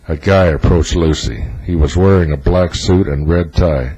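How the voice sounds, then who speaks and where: A man reading a novel aloud as narrator in a flat, even delivery. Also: a bass voice, moderate pace, few pauses, breathy edge, rough recording. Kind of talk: audiobook narration.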